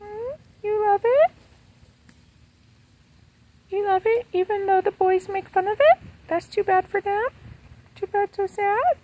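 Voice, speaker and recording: A woman's voice: extremely high pitch, a little slow, pauses often, mellow, low-quality recording. A woman lying down outdoors on a small farm, talking to her pet chicken in cooing, sing-song baby talk, recorded on a handheld phone. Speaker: animal rescue farmer.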